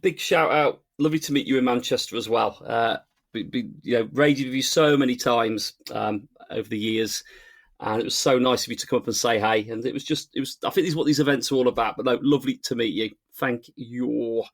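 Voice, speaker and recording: A man's voice: mid-range voice, steady tone, brisk. A man co-hosting a casual podcast, chatty and jokey. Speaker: podcast co-host. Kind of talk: casual chat.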